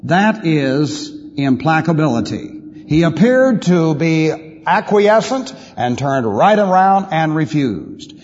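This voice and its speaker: A man teaching the Bible as a pastor, emphatic, asking rhetorical questions and swinging his pitch widely. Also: big pitch swings, slow, breathy edge. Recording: lo-fi reverberant hall recording.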